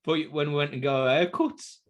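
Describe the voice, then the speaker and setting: A man's voice: on the high side, steady tone, fairly quick. A man, co-hosting a podcast, trading blunt, swearing banter over beers. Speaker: podcast co-host. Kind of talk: casual chat over beers.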